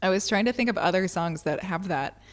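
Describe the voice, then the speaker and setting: A woman's voice: on the low side, brisk. A woman teaching ukulele who sings along to her own playing and chats casually, with frequent giggles. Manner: giggly, chatty. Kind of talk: singing along with ukulele, then casual chat.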